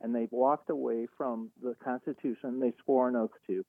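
A man calling in to a talk radio show, speaking in an earnest, animated way. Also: mid-range voice, moderate pace, dry recording. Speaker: caller. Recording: tinny phone line.

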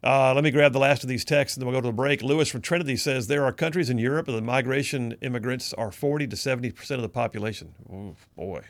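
A man's voice: mid-range voice, fast, hardly any pauses, dry recording. A male radio talk show host who reads out listener texts and takes calls in a casual, chuckling, conversational way.

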